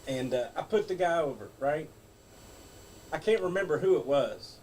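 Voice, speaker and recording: A man's voice: a little high, lively intonation, moderate pace, darkish tone, distant mic, a little hiss or hum, low-quality recording. A man with a Southern US accent in casual chat, rambling through stories and laughing easily. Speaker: guest, former wrestler.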